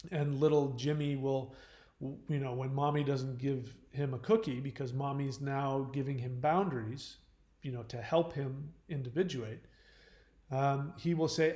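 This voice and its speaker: Male host, casual rambling delivery, slightly high pitch, recorded in a reverberant room. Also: a little mellow. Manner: rambling, with frequent restarts and fillers. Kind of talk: casual livestream talk.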